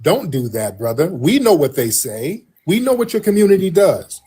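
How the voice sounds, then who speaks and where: A man's voice: fairly high pitch, sing-song, normal speed, warm tone, breathy edge. A man hosting a heated debate, insistent and repeatedly calling the other man "sir". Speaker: podcast host. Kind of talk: heated live-stream debate.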